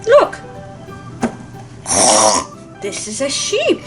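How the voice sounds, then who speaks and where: A woman's voice: very high voice, huge pitch swings, extremely slow. A young mother chatting casually with her child at home, asking simple questions and encouraging the answers. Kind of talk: casual teaching chat with a child. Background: background music.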